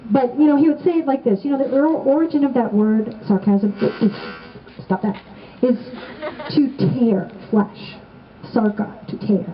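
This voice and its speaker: A middle-aged woman giving a heartfelt remembrance speech to a gathered audience, storytelling with gentle humor. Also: fairly high pitch, steady tone, unhurried, lo-fi sound. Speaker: assistant band director giving a remembrance talk. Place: indoors on the steps of a renovated old building.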